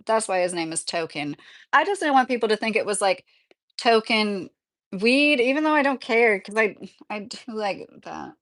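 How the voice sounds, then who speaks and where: A woman's voice: medium pitch, animated, moderate pace, fairly bright tone. A woman live streaming from home, chatting casually, reading out chat messages and laughing often. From Kentucky, USA.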